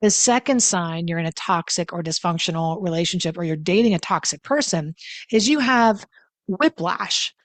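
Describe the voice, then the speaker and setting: A woman's voice: fairly low pitch, expressive, a little fast, dry recording. Blunt, emphatic woman coaching on camera. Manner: blunt, swears freely, emphatic repetition. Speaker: relationship coach. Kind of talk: casual advice talk to camera.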